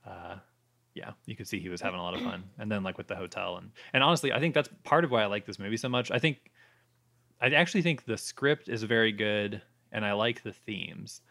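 Male podcast co-host, quick and enthusiastic, deepish voice, loose rambling chat. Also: creaky, bright, forceful tone. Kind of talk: casual chat.

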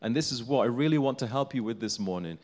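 A man's voice: mid-range voice, expressive, fast talker, a little mellow. A man preaching a sermon, telling a story in an earnest, building way.

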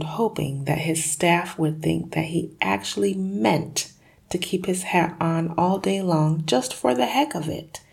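A woman reading a children's book aloud in a lively, dramatic storytelling voice. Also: low-pitched, creaky. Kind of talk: expressive read-aloud narration.

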